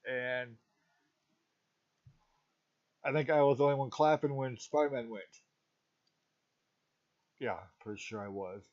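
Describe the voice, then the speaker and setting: Slow-talking man with a dull lo-fi sound. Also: mid-range voice, a little mellow. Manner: rambling, checks in with "okay?" often. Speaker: movie reviewer, vlogger. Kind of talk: casual talk to camera. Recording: dull lo-fi recording.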